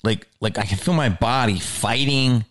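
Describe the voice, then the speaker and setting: A man telling a story in a casual, animated way, with frequent swearing and filler words. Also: medium pitch, moderate pace.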